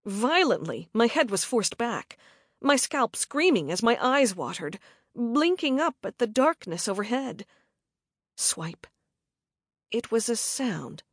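Audiobook brief: woman, slow dramatic first-person narration, dry close sound. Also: on the high side, slightly rough, no echo. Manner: measured, dramatic storytelling.

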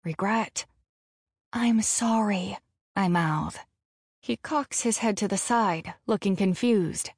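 A woman narrating a first-person audiobook in a slow, measured delivery, frank and casually profane. Her voice sits at a middling pitch and is recorded close on a studio mic. The sound is very dry. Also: no echo.

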